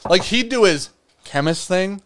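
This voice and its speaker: A man's voice: high voice, animated, unhurried, fairly bright tone. A man co-hosting a whiskey tasting live stream, boisterous and joking, swearing often in casual banter.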